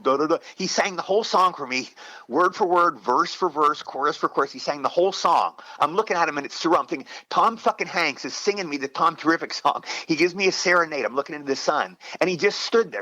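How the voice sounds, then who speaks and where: Man, sixties, rapid rambling anecdotes, bright forceful tone, dry close mic. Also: on the high side, no echo, poor audio. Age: 60s. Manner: rambling, repeats himself with excited restarts. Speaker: actor guest. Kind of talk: casual storytelling interview.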